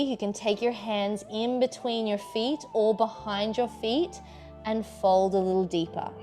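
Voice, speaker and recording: A woman teaching a vinyasa yoga class, giving calm step-by-step breath and pose cues with encouraging, playful asides. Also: medium pitch. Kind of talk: guided yoga class instruction.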